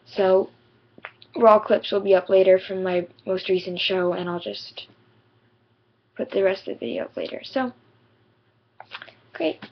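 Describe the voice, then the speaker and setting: A teenage girl vlogger talks to the camera at a slightly slow pace, her medium-pitched voice steady and broken by long pauses. She rambles through a story in a chatty way, saying "like" and "you know" constantly. The webcam audio is dull and lo-fi.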